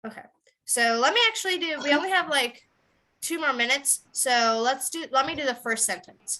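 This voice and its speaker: A woman's voice: high voice, expressive, fast, sharp tone. A young woman teaching an online class on a video call, switching between English and Tamil, with many fillers and restarts. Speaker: online tutor.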